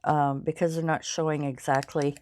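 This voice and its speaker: A woman's voice: low-pitched, level tone, normal speed, darkish tone, slight background noise. An older woman chatting casually while she crafts, rambling and self-deprecating, with many fillers. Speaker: crafting channel host. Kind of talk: casual crafting vlog chat.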